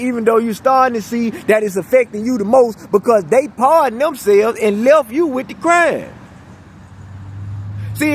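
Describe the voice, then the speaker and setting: Very high-voiced man ranting. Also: slight background noise. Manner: profane, rambling, repetitive, stumbling restarts. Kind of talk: ranting monologue.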